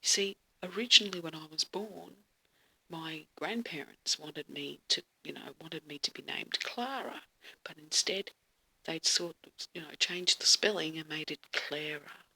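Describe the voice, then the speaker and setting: A woman's voice: low voice, measured pace, creaky, sharp tone, husky. A woman telling a dream story in a dramatic, casual way, often dropping to a whisper and swearing freely.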